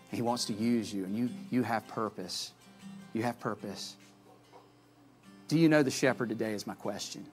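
A male pastor with a mid-range voice delivers an earnest sermon, rising to loud calls before dropping to soft pleading at the altar call.

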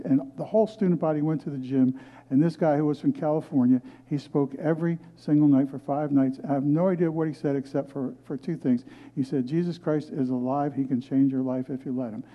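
A muffled recording catches a rather high-pitched older man, a guest pastor, preaching in a movie theater used for church. He shares his personal testimony earnestly and in story form, with repeated restarts.

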